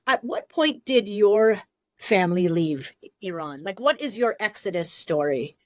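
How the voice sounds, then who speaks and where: A woman interviewing a guest in a casual chat, eagerly chiming in with quick reactions. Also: medium pitch, animated, no room sound, studio quality.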